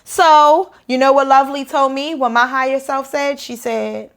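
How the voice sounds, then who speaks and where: A woman meditation teacher talking casually to camera in a vlog, energetic and fired up about life. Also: high-pitched, normal speed, few pauses. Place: indoors after the gym.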